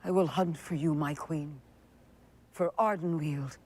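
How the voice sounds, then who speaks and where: A woman's voice: low voice, steady tone, unhurried, a little mellow, slightly rough. A woman reading a solemn guardian of souls who swears loyalty to a queen, earnest and vow-like. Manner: earnest, vow-like, dropping to a whisper.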